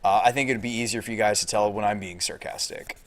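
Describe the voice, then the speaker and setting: A man streaming live, commenting on a card game and chatting with viewers in a deadpan delivery with little inflection. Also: on the low side, fast talker. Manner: thinks aloud, chats with viewers.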